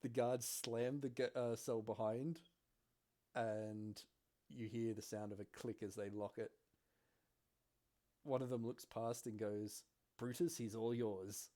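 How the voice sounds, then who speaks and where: A man running a tabletop game as game master, narrating in a measured way and often breaking into laughter. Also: medium pitch, fairly even intonation, dark tone.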